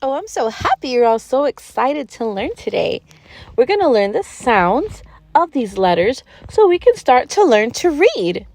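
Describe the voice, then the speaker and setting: A woman voicing a gentle, patient gazelle schoolteacher who leads a preschool letter lesson in a sing-song, encouraging way and praises often. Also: high voice, big pitch swings, measured pace, slight background noise, exaggerated voice. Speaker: preschool teacher.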